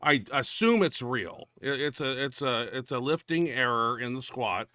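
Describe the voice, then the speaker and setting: A man's voice: mid-range voice, animated, moderate pace, bright, forceful tone, dry recording, clean studio sound. A man hosting a powerlifting show, rambling casually over lifting videos with restarts and filler.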